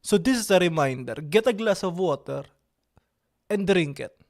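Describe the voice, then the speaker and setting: A man hosts a livestream in a slightly raised voice. He chats with viewers in a playful, preening, mock-serious way, with halting, broken sentences and stray French words. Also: high-pitched, animated. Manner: drops in occasional French words. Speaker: livestream host. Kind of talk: casual livestream chat with viewers.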